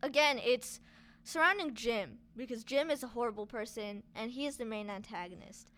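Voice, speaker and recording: A woman's voice: on the high side, moderate pace, a bit bright. A young woman casually discussing a movie, hesitant with many fillers.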